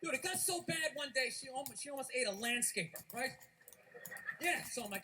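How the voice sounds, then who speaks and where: A man's voice: extremely high pitch, lively intonation, fairly quick, bright, forceful tone, slight background noise. A man doing stand-up comedy on stage, ranting and swearing in a conversational way.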